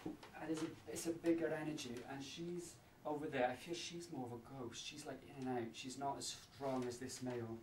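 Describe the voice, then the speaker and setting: Man, medium, hesitant, halting speech, echoey room, distant mic. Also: mid-range voice, fairly even intonation, a little mellow, slight background noise. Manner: hesitant, searching, many fillers. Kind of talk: describing psychic impressions on location. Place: indoors at an old inn.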